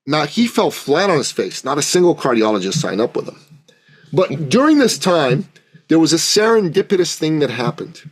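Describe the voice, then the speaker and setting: A man with a husky, breathy voice tells a story as a podcast guest. He acts out the dialogue with animation and keeps checking in with his listener. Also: on the high side, very animated, moderate pace.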